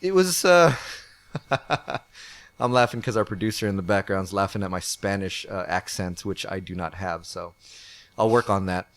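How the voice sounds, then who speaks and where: A man's voice: low-pitched, normal speed, fairly bright tone. Casual man reviewing wrestling. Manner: rambling, many fillers and restarts. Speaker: podcast co-host.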